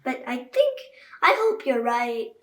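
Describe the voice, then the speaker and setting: A woman's voice: sits high, very animated, slow, fairly bright tone. A woman reading a children's book aloud, chatting directly to young listeners. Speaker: children's story reader. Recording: echoey room, voice far from mic.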